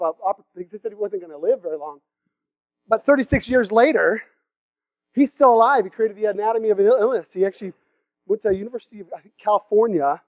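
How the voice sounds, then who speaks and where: A man's voice: sits high, darkish tone, no echo. A young man from the Seattle area giving a comedic keynote talk at a conference, joking with the crowd and acting out silly voices. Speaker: conference speaker. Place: conference hall stage.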